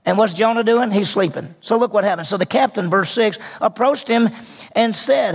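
Gravelly high-voiced man preaching. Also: moderate pace. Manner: storytelling with acted-out voices, rhetorical questions. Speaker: pastor. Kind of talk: sermon.

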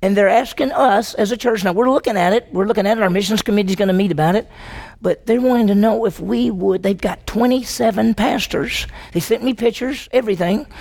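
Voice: mid-range voice, gravelly, darkish tone. A pastor preaching a sermon, telling the story vividly and putting questions to the congregation. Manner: storytelling, acting out the dialogue; emphatic, asks the congregation questions.

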